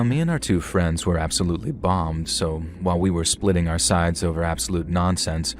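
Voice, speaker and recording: A middle-aged man narrating a first-person horror story in a measured, dry storytelling manner. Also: low voice, darkish tone, slight background noise.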